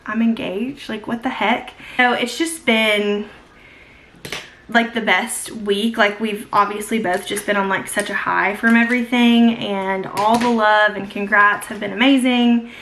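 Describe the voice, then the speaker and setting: Over slight background noise, a young woman speaks at medium pitch in a steady, fairly bright tone, a little slowly. As a beauty vlogger doing her makeup, she chats casually in get-ready-with-me style, gushing and stuffing her speech with fillers and many "like"s.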